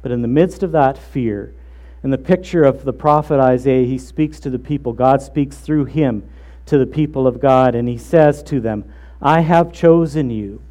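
Male pastor delivering a sermon, relaxed dark tone, deliberate emphatic phrasing. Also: mid-range voice. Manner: earnest, measured preaching with slow emphatic phrases.

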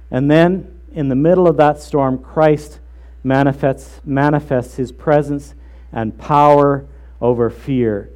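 A man preaching a sermon in an earnest, measured way, slowing down to stress key phrases. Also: mid-range voice, mellow. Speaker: pastor.

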